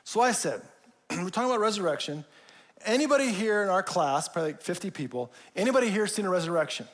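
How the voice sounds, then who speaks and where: A man in his forties giving a sermon, telling a personal story, often dropping to a soft low voice for emphasis. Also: expressive, fast. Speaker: pastor.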